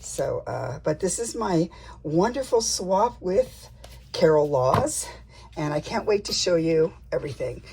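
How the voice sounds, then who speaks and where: A woman's voice: sits low, very animated, unhurried, creaky, background noise. A woman chatting casually to camera, showing off a journal she received in a swap, with lots of fillers and restarts. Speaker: junk journal vlogger. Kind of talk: casual show-and-tell chat.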